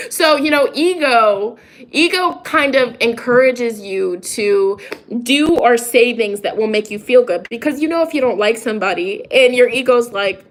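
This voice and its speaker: A woman's voice: fairly high pitch, expressive, moderate pace. A young woman talking casually on a phone livestream as a tarot reader and spiritual coach. She is chatty and preachy and often interrupts herself.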